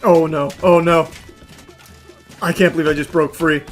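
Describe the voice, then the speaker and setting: A man giving live gaming commentary, breaking into excitable shouted outbursts and profane, self-mocking asides. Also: a little high, normal speed, faint music behind. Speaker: gaming streamer.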